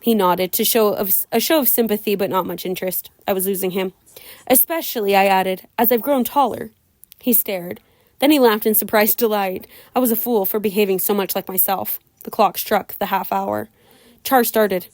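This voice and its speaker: A woman reads a novel aloud in an even, mid-pitched voice. The sound is dry and close, with no room around it. She keeps the characters' lines near her own voice. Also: moderate pace, no room sound. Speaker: audiobook reader.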